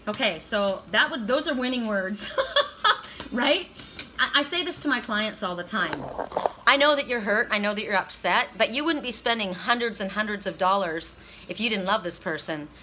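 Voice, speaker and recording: A woman's voice: mid-range voice, expressive, normal speed, pushed and bright, slight background noise. A woman doing a casual weekly oracle card reading, talking bluntly, swearing freely and checking in with "right?".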